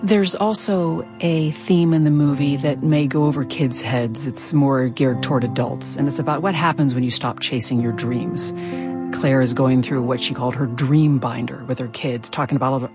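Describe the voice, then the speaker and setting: A woman's voice: rumbling low, fairly even intonation, normal speed, over music. A woman hosting a public radio interview, asking curious, conversational questions. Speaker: radio host.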